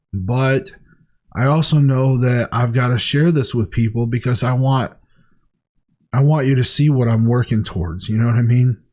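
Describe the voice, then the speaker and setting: A man's voice: mid-range voice, a little mellow. A man talking candidly to camera in a diet vlog, rambling and heartfelt with frequent restarts. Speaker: weight-loss diary vlogger.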